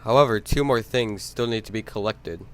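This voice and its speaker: A man playing a businesslike male railroad manager who briskly gives orders to his crew. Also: fairly low pitch, lightly acted.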